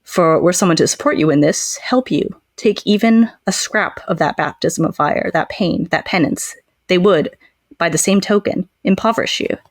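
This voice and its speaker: A podcast co-host reads a lengthy quote with an even, deadpan delivery before slipping back into loose banter. The voice sits mid-pitch, recorded close with a dry, dead sound. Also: normal speed, no echo. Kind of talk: casual book club chat, reading quotes aloud.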